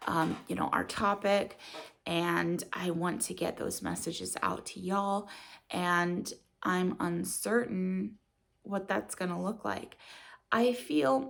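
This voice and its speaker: Woman, thirties, low gravelly morning voice, rambling home vlog chat. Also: slow pace, a bit bright. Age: 30s. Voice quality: gravelly, just out of bed. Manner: rambling and reflective, with many fillers. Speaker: vlogger.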